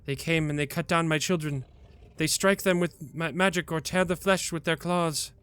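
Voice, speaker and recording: An anguished old grandmother dragon, put on by a man, wails over her lost brood. The voice sits a touch high, and it stays smooth and resonant throughout. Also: fairly even intonation, normal speed, fairly bright tone, faint music behind, lightly acted. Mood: grieving. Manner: wailing, lamenting. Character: grieving old mother dragon, female, anguished.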